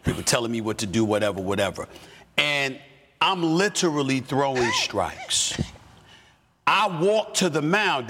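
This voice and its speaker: Sports talk host, male, high husky voice, loud and repetitive, reverb with music bed. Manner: loud, repetitive, swings from low mutter to shouting. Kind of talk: animated comedic storytelling.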